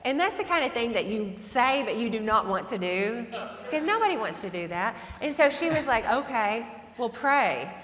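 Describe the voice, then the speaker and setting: A woman telling a personal story in a relaxed, self-deprecating lecture style, laughing often. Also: fairly high pitch, a little fast. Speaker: guest lecturer and author. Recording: echoey hall reverb.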